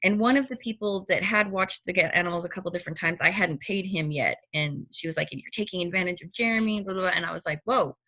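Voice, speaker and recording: A middle-aged woman telling a personal story in casual chat, animated and often acting out her own reactions. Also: lowish voice, quick pace, hardly any pauses.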